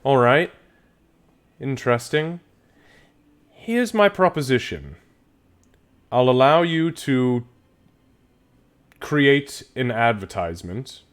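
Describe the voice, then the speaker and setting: A cigar-chewing dwarf ore master weighs every coin in a tabletop game, voiced by a man. He haggles in slow, businesslike tones. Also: mid-range voice, natural voice.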